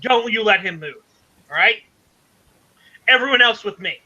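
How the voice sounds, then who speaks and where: A man plays a stern male leader barking short orders. The voice is high and sharply bright, and the call audio sounds dull and lo-fi. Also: expressive, normal speed, heavily acted. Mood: commanding. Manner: curt orders.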